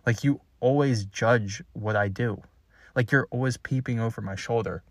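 A man delivering a frustrated, halting, blunt confessional message as a spiritual content creator. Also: medium pitch, dry recording.

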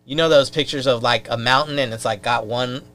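A man's voice: mid-range voice, fairly even intonation, fairly quick, a bit bright, a little hiss or hum. A man, a podcast guest telling a wild story in loose, profane, casual talk.

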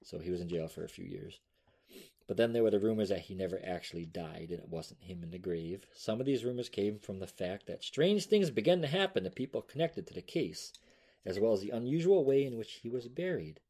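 Man, podcast co-host, lowish voice, relaxed true-crime banter with offhand swearing. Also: fairly quick, slightly rough. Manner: reads notes loosely, swears casually, laughs often. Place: home room with a noisy cat.

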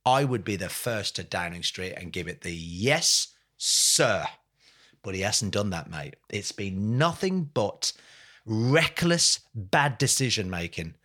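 A man's voice: on the low side, expressive, measured pace, fairly bright tone. Passionate, blunt man telling stories. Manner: passionate, rising to angry emphasis, blunt with swearing; speaks in lists and repeated phrases, says mate often. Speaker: podcast guest. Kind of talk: candid interview storytelling.

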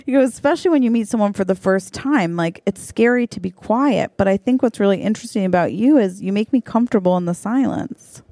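A woman's voice: medium pitch, animated, fast, hardly any pauses, mellow, no echo. Giggly chatty woman, dry close mic. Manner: giggly, chatty, lots of likes and ums. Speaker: podcast co-host. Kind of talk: improvised comedy chat.

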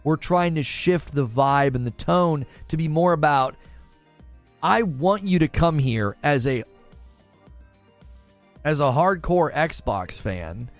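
Animated man hosting a gaming show. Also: on the high side, slow pace, pauses often, soft background music. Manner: animated, talking back to chat. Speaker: gaming news show host. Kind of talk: casual livestream talk.

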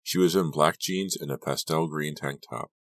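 A man reading a teen horror audiobook aloud, narrating in the first person with a steady, measured pace. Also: very deep voice, no room sound. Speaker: audiobook reader.

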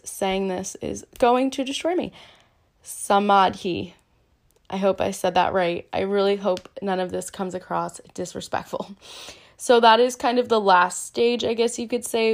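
A woman teaching yoga in a casual, earnest way, chatty and self-deprecating, with lots of "um" and "like". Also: mid-range voice. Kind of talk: casual explanatory talk.

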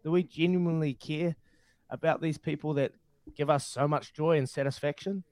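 A man's voice: fairly high pitch, steady tone, normal speed, a little mellow, smooth, no echo. A man, a former rugby player, giving heartfelt advice in casual sports chat, often restarting his sentences. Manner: heartfelt, advising, stumbling restarts.

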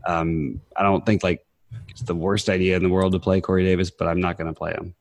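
Deep-voiced man on a podcast. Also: level tone, fairly quick. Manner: blunt, hesitant with ums. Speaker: podcast co-host. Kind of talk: casual podcast chat.

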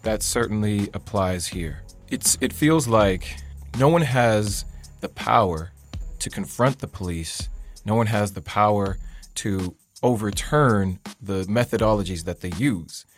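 Solemn low-voiced male podcast host. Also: soft background music. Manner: solemn, measured, deliberate. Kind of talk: earnest podcast narration.

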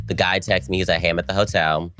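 A young man co-hosting a podcast, telling a story in a casual, animated way and acting out the quotes. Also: low-pitched, fast talker, a little hiss or hum. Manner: animated, dramatic retelling with acted-out quotes and frequent profanity. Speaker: podcast co-host.

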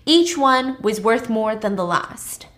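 A woman hosting a casual chat, recapping a movie in an animated, joking way. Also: fairly high pitch, slow pace. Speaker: host.

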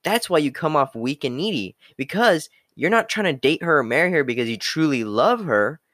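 A man's voice: fairly high pitch, expressive, moderate pace, a bit bright, no room sound, studio quality. A young man giving a blunt, profane motivational rant, repeating catchphrases like okay and the hard truth. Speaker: self-improvement talker.

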